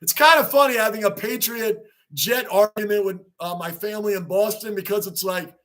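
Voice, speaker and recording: A man with a very high, bright voice hosts a live sports reaction stream. He talks casually to his chat, calling out scores and names, and shouts when the game heats up. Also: normal speed. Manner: excitable, shouts at big plays, reads chat names aloud. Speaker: livestream host.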